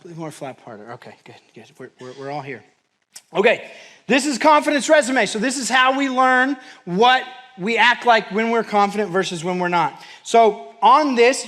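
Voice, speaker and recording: A man with a fairly high voice leads a mental performance workshop. He tells a story with a lot of energy and puts on the voices of the people in it. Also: moderate pace. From New Mexico, US. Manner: animated storytelling with quoted voices. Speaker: mental performance coach and pastor. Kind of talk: workshop talk. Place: church hall, live audience.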